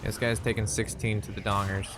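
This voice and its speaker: A man's voice: fairly low pitch, flat delivery, a little fast, over music. A young man streaming a card game, chatting casually with playful jokes and mock sportscaster asides. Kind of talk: casual gameplay commentary.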